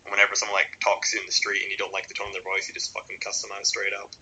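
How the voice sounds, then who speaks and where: A man's voice: lowish voice, completely flat delivery, very fast, sharp tone, slight background noise, low-quality recording. A man from Scotland chatting on a podcast, joking crudely and swearing freely. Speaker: podcast co-host. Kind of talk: casual chat.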